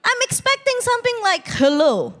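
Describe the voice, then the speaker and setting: A young woman doing stand-up on a TV competition stage, her voice high and swinging widely in pitch. She takes her time over each line. Her delivery is bold and teasing, and she is quick to mock herself. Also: lively intonation, fairly bright tone, some chatter behind. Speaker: stand-up comedian. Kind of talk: stand-up comedy routine.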